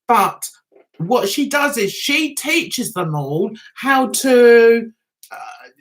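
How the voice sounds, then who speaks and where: Middle-aged woman, lively up-and-down voice, giggly, chatty host. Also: fairly high pitch. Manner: giggly, animated storytelling. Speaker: YouTube host. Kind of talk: casual livestream chat.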